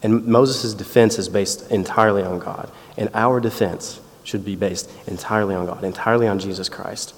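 A man's voice: lowish voice, fairly even intonation, normal speed, hardly any pauses. A man in his thirties preaching a sermon in a conversational way, telling family stories and acting out quotes. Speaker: pastor. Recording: long reverb in a hall.

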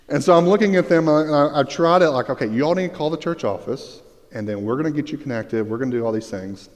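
A pastor telling a personal story in a sermon, swinging between hushed and excited. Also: male voice, fairly high pitch, fast talker, hardly any pauses. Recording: long reverb of a large hall.

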